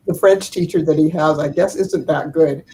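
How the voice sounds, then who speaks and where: A woman's voice: low voice, warm tone, a little hiss or hum, poor audio. An older woman talks over a video call, spinning family anecdotes in a loose, rambling way. She chuckles between thoughts and leans on plenty of fillers. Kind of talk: casual storytelling chat.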